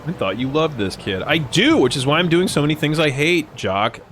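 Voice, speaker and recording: A young man with a voice on the high side, big pitch swings, a brisk pace, and a fairly bright tone streams a game against slight background noise. His casual gameplay commentary is rambling, jokey, and full of swearing.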